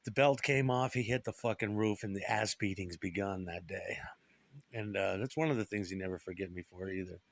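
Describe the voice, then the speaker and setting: A man's voice: deep voice, a little fast, vocal fry, no room sound. Bitter, profane man rambling on. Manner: profane, bitter, puts on voices for quoted people. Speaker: guitarist. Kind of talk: rambling monologue.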